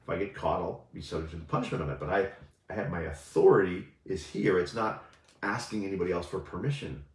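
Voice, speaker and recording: A man's voice: low-pitched, expressive, quick pace. A male coach giving a casual motivational talk, talking conversationally and often asking "right?" as he goes. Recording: roomy echo.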